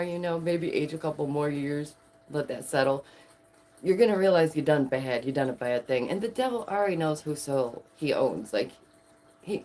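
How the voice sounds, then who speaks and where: Sarcastic woman vlogger, slightly low voice. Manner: sarcastic, animated, laughs often. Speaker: commentary vlogger. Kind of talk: casual opinion commentary.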